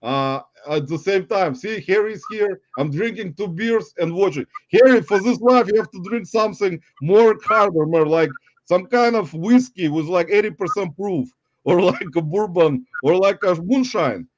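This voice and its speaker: A high-voiced man hosting a loose, jokey livestream, laughing between lines. His audio is dull and lo-fi, and the sound is dry and close, with no room around it. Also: moderate pace, no echo. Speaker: livestream host. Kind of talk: casual livestream chat.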